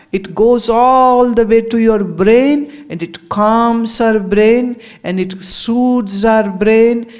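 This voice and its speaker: A woman's voice: medium pitch, a little mellow. A middle-aged woman, a spiritual teacher telling stories and speaking directly to her audience. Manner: storytelling, addressing the listeners directly.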